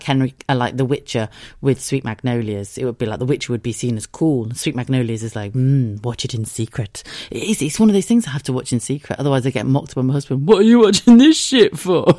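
A woman, hoarse from tonsillitis, hosting a casual solo podcast. She rambles, swears freely and laughs often. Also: extremely low pitch, warm tone, no room sound, clean studio sound. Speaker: podcast host.

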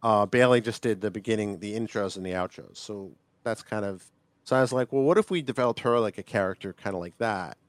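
A man co-hosting a podcast in casual chat, talking in halting bursts with lots of fillers and restarts. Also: lowish voice, no room sound. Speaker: podcast co-host.

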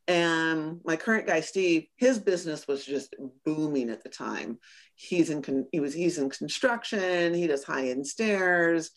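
A woman who works as a business coach tells a personal story during a casual interview, her voice sitting fairly low. She's animated throughout, often acting out her own quoted remarks and laughing as she goes.

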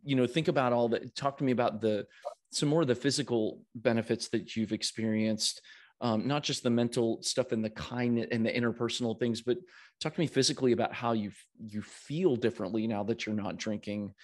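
A man's voice: medium pitch, steady tone, fairly quick. An American man in his forties hosts a podcast interview over a video call, talking energetically with many restarts and easy laughter. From United States. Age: 40s. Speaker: podcast host. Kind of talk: casual interview chat.

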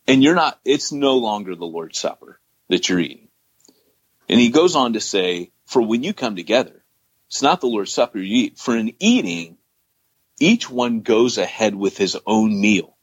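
A man's voice: medium pitch, breathy edge, muffled recording. A man co-hosting a podcast, reading scripture passages aloud and explaining them emphatically in a conversational teaching style. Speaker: podcast co-host.

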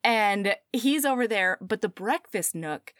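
A woman co-hosting a casual chat, giggly and animated as she recaps a story and playfully voices its characters. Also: mid-range voice, unhurried, dry recording, studio quality. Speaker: podcast co-host.

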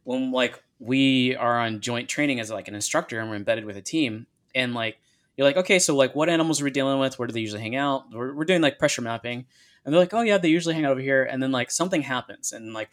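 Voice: medium pitch, fast talker. A podcast host in casual chat who shares stories and acts out quoted dialogue.

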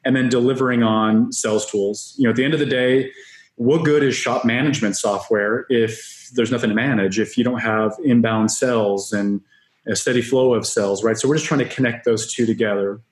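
A man as a software company guest on a podcast, upbeat business talk with frequent restarts. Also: medium pitch, fairly even intonation, fairly quick. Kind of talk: podcast interview. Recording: roomy echo.

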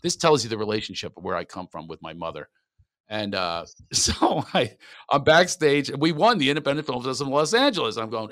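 Bright-voiced man telling animated stories. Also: mid-range voice, a little fast, no echo, clean studio sound. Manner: animated storyteller, laughs often. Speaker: comedian and coach. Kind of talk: casual interview chat.

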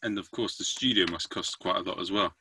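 A man's voice: deep voice, fairly quick, sharp tone, husky. A man hosting a podcast interview, who laughs easily and answers with short encouraging replies. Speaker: podcast host. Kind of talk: casual interview chat.

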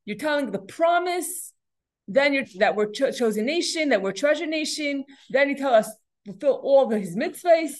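A woman's voice: high voice, expressive, moderate pace. Woman teaching a Torah lesson. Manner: explanatory, asks and answers her own questions; frequent restarts and repeated words.

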